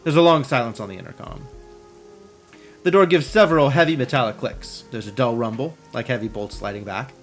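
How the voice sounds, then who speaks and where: A man's voice: mid-range voice, lively intonation, brisk, soft background music. A man streaming a game, reading its text aloud and adding wry, musing asides.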